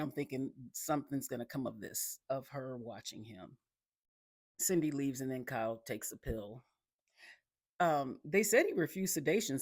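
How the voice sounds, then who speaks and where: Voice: medium pitch, no room sound, clean studio sound. A speaker casually recapping a TV episode, rambling, correcting themselves and adding chatty asides to the listener.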